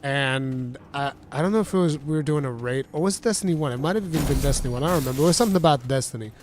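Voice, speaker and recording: A man's voice: mid-range voice, rapid-fire, a little hiss or hum. A man streaming a game, chatting casually and thinking aloud as he plays. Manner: thanks chat viewers warmly. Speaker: gaming streamer. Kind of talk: casual let's-play commentary.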